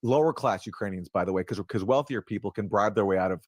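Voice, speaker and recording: A male host of a political talk show speaks quickly and scornfully. The sound is dry and close. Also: fairly low pitch, dry recording. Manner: brisk, scornful.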